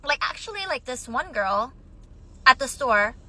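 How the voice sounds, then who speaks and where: A woman's voice: sits high, very animated, unhurried, bright, forceful tone, rough recording. A mother telling a personal story in an emotional, shaky voice, close to tears. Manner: tearful, shaky, on the verge of crying. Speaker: mother of young children.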